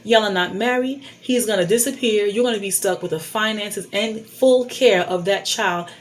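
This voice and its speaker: A middle-aged woman speaks in a blunt, preachy tone, hammering home her points by repeating them. Her voice sits at an ordinary pitch for a woman. She is recorded indoors on a phone camera. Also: moderate pace. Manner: emphatic, preachy, repeats key phrases. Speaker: vlogger giving life advice. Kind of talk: candid advice monologue.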